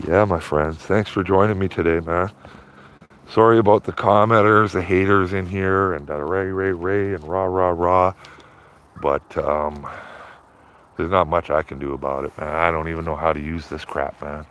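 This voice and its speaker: Rambling livestreamer, low-pitched man, loose casual talk outdoors by a river, tags lines with "man". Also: moderate pace, fairly bright tone. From Canada. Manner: rambling, repeats himself, tags phrases with "man". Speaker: livestreaming auditor.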